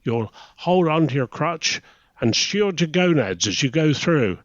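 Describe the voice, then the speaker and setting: A man's voice: on the high side, big pitch swings, unhurried, no echo, lo-fi sound, pitched above the performer's own voice. An older man in his eighties putting on a Welsh accent to play a blunt, bawdy male naval instructor lecturing his students.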